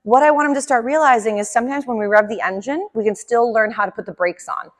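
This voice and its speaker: A woman's voice: fairly high pitch, fast talker. Woman dog trainer in an echoey room. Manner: friendly, chatty explaining with praise for the dog. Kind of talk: instructional demonstration.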